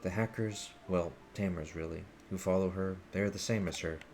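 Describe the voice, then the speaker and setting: A man's voice: low voice, steady tone, normal speed, darkish tone. A man reading the lines of an earnest, idealistic young male hacker leader in a formal, solemn way. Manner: formal, solemn speeches read aloud. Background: game music.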